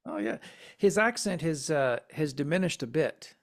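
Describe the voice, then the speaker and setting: A man hosting a podcast in casual chat, talking haltingly with many repeated words and fillers. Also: on the high side, expressive, creaky. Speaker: podcast host.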